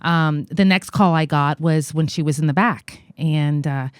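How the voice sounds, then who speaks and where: An American woman in her forties, a guest in an interview, telling a personal story in a halting, earnest way with many fillers. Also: low-pitched, clean tone, no room sound, clean studio sound. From United States. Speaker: guest, congressional candidate.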